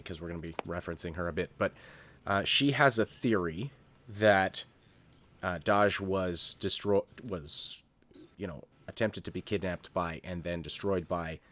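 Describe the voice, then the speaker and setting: A man with a very low, deep voice, chatting casually as co-host of a review show. He rambles, stops and restarts, and leans on fillers as he talks. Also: fairly bright tone. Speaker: podcast co-host.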